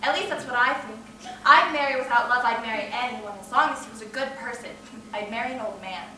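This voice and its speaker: Actress as a gentle consoling elder sister. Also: female voice, a little high, fast. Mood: tender. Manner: soothing, tender, earnest. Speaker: stage actor. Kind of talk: live stage acting. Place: theatre stage. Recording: echoey stage sound from far off, noisy.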